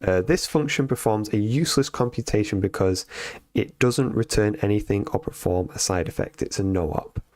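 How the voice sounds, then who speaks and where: A man on a live stream reading programming lessons aloud and thinking out loud as he codes, with frequent ums and restarts. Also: fairly low pitch, moderate pace, no room sound. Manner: thinks aloud with many fillers and self-corrections. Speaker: streamer learning to code.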